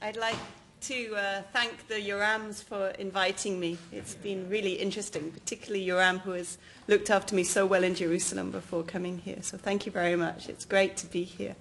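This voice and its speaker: A woman from England with an English accent, giving an academic keynote lecture in a lively, jokey way, speaking straight to the audience. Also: mid-range voice, a little fast, vocal fry, slight background noise. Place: lecture hall.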